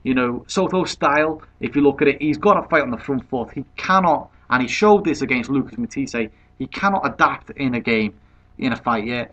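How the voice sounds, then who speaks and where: A man's voice: mid-range voice, expressive, brisk, fairly bright tone. A man talking through a boxing fight prediction in a casual, conversational way, often saying "you know". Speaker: boxing pundit. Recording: dull lo-fi recording.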